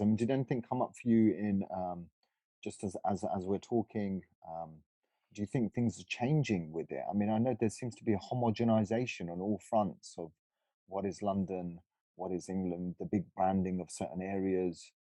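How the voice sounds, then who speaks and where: A man's voice: low-pitched, a little fast, warm tone, no echo. A man with a Cockney accent co-hosting a panel discussion, talking casually with many fillers and restarts. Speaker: discussion co-host.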